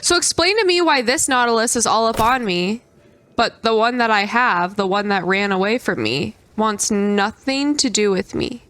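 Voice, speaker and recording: A young adult woman giving gameplay commentary, excitable and prone to squealing outbursts. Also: a little high, normal speed. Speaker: gaming creator.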